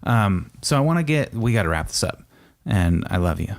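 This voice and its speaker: A man co-hosting a casual couple's podcast, talking earnestly and calmly reassuring. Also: on the low side, moderate pace, creaky, dry recording. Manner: earnest and reassuring, calm coaching tone. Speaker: podcast co-host.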